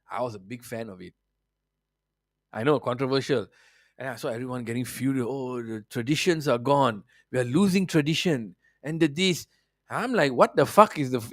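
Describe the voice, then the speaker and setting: A man's voice: fairly high pitch, fairly bright tone, dry recording, clean studio sound. A man hosting a football podcast, delivering a profane, mocking rant. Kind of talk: ranting football commentary.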